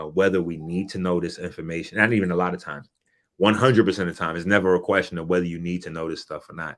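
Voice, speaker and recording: Animated low-voiced man explaining health. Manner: animated, repeats "you know what I'm saying", gets loud for emphasis. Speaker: wellness guest speaker. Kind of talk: casual explanatory talk on a panel.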